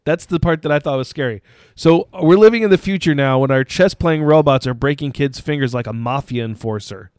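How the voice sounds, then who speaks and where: A man's voice: on the high side, fairly quick, darkish tone, smooth, dry recording. A man co-hosting a casual podcast who reads the news segments and throws in dry, sarcastic jokes. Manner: dry, sarcastic, joking asides. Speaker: podcast co-host.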